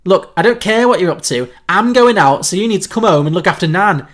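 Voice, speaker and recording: A man's voice: high-pitched, animated, fairly quick, fairly bright tone, pitched above the performer's own voice. A man voicing a brash Liverpudlian mother with a Scouse accent, bossy and blunt as she heads out. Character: brash Liverpudlian mum going out.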